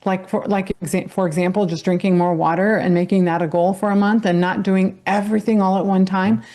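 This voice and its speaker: Woman health educator guest, mid pitch, earnest and encouraging. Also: fairly even intonation, a little fast, dark tone. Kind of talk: casual explanatory chat.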